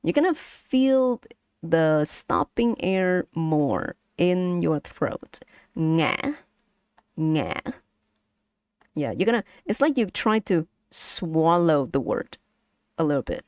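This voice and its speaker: Casual streamer, woman, patient lesson delivery, unhurried, dead dry close sound. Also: on the low side, animated, darkish tone, no echo. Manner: slow, patient, breaks into sung syllables and laughs. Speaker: streamer teaching Vietnamese.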